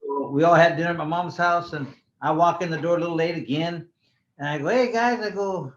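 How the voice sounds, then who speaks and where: A former pro boxer from California tells his story in a loose, animated interview, swearing and restarting as he goes. His voice sits a little high for a man. The recording is roomy and somewhat dull. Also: quick pace, a little hiss or hum. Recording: roomy, slightly dull sound.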